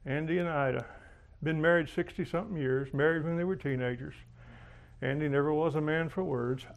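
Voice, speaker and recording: A man's voice: on the high side, fairly quick, lo-fi sound. A man preaching a sermon, telling folksy stories and swinging his volume for drama. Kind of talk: sermon with anecdotes.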